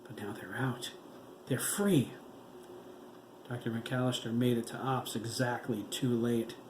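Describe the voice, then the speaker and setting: Slow dramatic man reading horror. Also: mid-range voice, steady tone. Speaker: author reading his own novel. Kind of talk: audiobook narration. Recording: echoey room with faint background noise.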